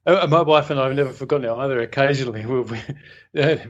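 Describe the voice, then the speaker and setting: A man's voice: mid-range voice, fast, lo-fi sound. A man co-hosting a writing podcast, telling a story casually with many hesitations. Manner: rambling storyteller, hesitant fillers, chuckles. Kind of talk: casual anecdote.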